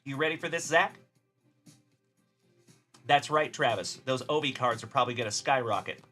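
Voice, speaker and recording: Faint music plays behind a card-breaking livestream host, a Texan man with a mid-range voice and a moderate pace. Upbeat and casual, he chats away and cheerfully calls out chat viewers by name as he opens cards live.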